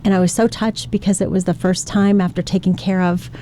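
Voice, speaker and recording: Earnest woman with a mellow voice. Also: medium pitch, level tone, a little fast, slight background noise. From Ohio, United States. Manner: earnest, emotional storytelling with acted quotes. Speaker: interview guest, flight attendant. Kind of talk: radio interview storytelling.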